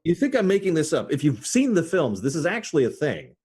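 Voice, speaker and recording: A man taking part as a player in a tabletop game, talking in an animated, joking way with frequent restarts. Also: on the high side, fairly quick, husky. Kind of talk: tabletop game play over voice chat.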